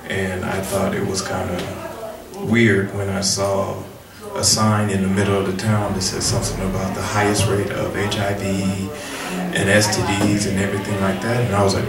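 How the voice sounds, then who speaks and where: A man with a deep voice telling rambling, self-deprecating comic stories at a cafe open mic. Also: little pitch movement, normal speed. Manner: rambling, self-deprecating, laughs at his own jokes. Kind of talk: comic storytelling. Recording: roomy cafe, distant mic, crowd noise.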